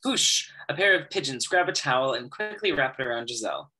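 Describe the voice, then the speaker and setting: A man narrating the stage directions of an amateur audio drama in a steady, matter-of-fact way. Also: mid-range voice, quick pace, low-quality recording.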